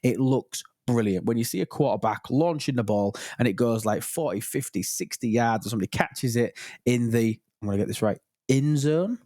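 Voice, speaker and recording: A man's voice: mid-range voice, animated, normal speed, mellow, no echo, clean studio sound. A man hosting a casual podcast panel, opinionated and teasing as he argues his point. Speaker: podcast host.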